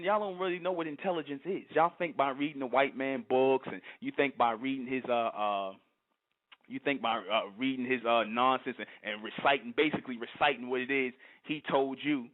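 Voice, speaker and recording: A man hosting a monologue, lecturing emphatically and firing off rhetorical questions. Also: fairly high pitch. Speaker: host. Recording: tinny phone-line sound.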